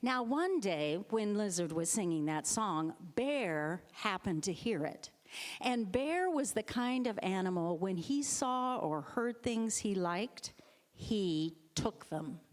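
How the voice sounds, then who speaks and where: A woman telling a children's story to a congregation in an animated, expressive way. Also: mid-range voice, takes it slowly. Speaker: storyteller, board president. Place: church sanctuary. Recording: long hall reverb.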